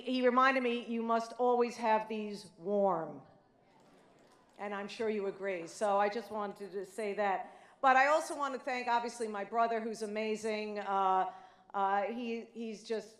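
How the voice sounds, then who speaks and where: A woman's voice: mid-range voice, fairly bright tone, echoey room. A middle-aged woman from New York with a light New York accent, giving a chatty, self-deprecating acceptance speech with many fillers at a banquet. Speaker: award inductee giving a speech. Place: banquet hall.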